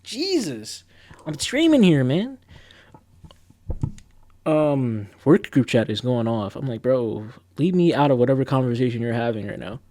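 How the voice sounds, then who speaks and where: A man's voice: mid-range voice, very animated, measured pace, dark tone, dry recording. Slangy young streamer man, dry close mic. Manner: laid-back, rambling, slangy, self-mocking. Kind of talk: casual live-stream chat, reading quiz questions.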